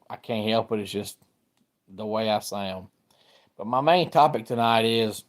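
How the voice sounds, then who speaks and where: A middle-aged man from Georgia with a Southern accent, hosting a casual live-stream sports talk and greeting viewers by name. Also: fairly low pitch. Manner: chatty, greets viewers by name while discussing football.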